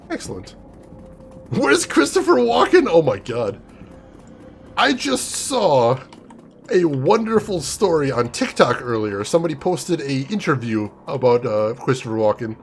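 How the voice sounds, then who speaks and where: A man hosting a casual let's-play of a video game, an excitable, animated storyteller. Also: a little high, measured pace, soft background music. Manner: animated, excitable storyteller, laughs and yelps easily. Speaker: gaming channel host.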